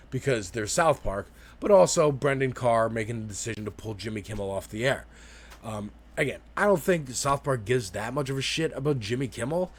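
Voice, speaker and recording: A man giving a loose, profane spoken review of a TV episode, laughing often. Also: mid-range voice. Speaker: TV show reviewer.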